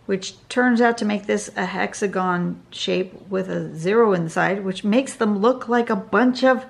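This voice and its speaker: A woman's voice: medium pitch, creaky. A woman giving a casual drawing tutorial, chatty and thinking aloud as she draws, sounding tired. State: tired, yawning. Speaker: drawing instructor. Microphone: camera over a drawing desk.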